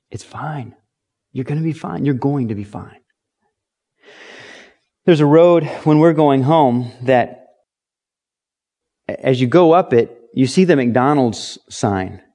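A man's voice: on the high side, darkish tone. A middle-aged man preaching a sermon in a conversational way, acting out quoted lines and reading scripture aloud. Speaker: pastor.

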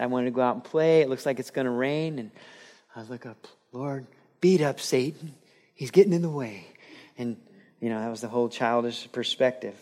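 A man preaching a sermon as a pastor, animated, acting out quoted voices and telling a joke. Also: mid-range voice.

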